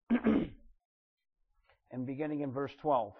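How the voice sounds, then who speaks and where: A man's voice: mid-range voice, very animated, very slow, husky. A man preaching a sermon, reading scripture and then pressing his point with rising bursts of emphasis. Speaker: pastor. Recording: dull roomy church recording.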